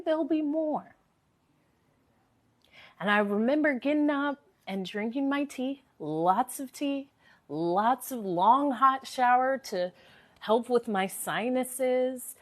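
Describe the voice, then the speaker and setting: Earnest motivational woman, slightly high voice. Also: animated, slow pace. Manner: earnest, motivational, repeats phrases for emphasis. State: recovering from a sore voice. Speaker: live-stream host. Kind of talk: casual live-stream chat.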